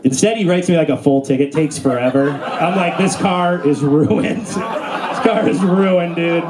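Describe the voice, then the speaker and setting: A young man performing a stand-up comedy set on a club stage. His storytelling is animated, and he jumps into high, squeaky voices for the characters he acts out. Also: moderate pace, background noise. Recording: live audience laughter throughout.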